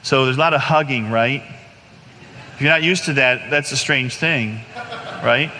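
A man in his forties giving an animated personal testimony to a congregation, acting out scenes as he tells them. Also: mid-range voice, unhurried, long reverb tail, a little hiss or hum. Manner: animated storyteller, acts out scenes.

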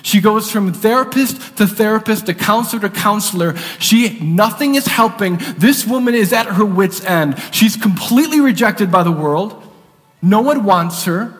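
A man's voice: high-pitched, expressive, normal speed. A man preaching a sermon, telling a story earnestly and repeating words for emphasis. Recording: long reverb of a large hall.

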